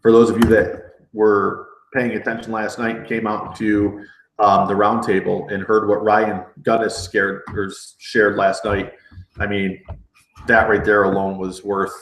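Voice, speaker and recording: A man's voice: on the low side, little pitch movement, measured pace, a bit bright. A middle-aged man running a live sales training, talking with energy, repeating himself and dropping rallying "okay?" asides. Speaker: network marketing trainer. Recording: roomy echo.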